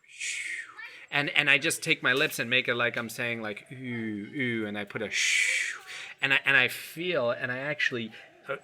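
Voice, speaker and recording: A man as a qigong instructor guest, talking earnestly in a halting way with many restarts. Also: medium pitch, sharp tone, a little hiss or hum. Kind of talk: casual interview chat.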